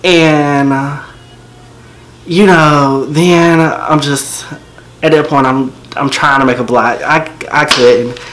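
Guy vlogging his story, laid back slow talk, jokey and slangy. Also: a little high, slight background noise. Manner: animated, slangy, joking. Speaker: vlogger telling a personal story. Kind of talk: casual storytelling to camera.

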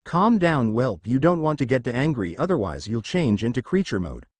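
A man voicing a gruff, mocking giant male reptile monster in a read-aloud fan story. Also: medium pitch, sing-song, moderate pace, a little mellow, dry recording.

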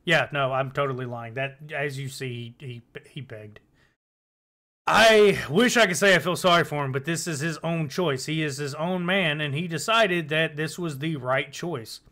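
Casual commentary host, male; rambling, profane delivery with a high, bright tone. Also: moderate pace. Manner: rambling, swears, trails off and restarts.

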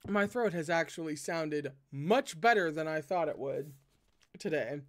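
High-voiced guy reading a book out loud, stops to react and swear, chatty. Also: animated, a little slow. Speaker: book reader. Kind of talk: reading a novel aloud with casual commentary.

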